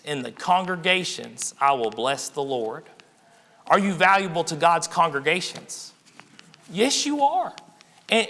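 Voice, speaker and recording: A man's voice: high-pitched, vocal fry, sharp tone. A young man preaching a conversational sermon in church, often checking in with the congregation. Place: church sanctuary. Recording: reverberant church hall.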